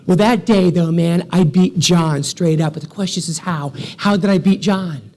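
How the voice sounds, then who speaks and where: A man's voice: sits high, normal speed, a little mellow. A man in his forties giving a motivational keynote speech, telling stories with energy and a punchy rhythm. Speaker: keynote speaker.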